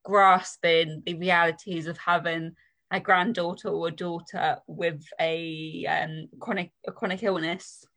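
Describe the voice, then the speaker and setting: A young woman recounting her own experience, filling pauses with "um" and "like". Her voice sits a little low for a woman. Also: level tone, fairly bright tone. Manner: hesitant, many fillers and "like". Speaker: patient guest. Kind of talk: personal account.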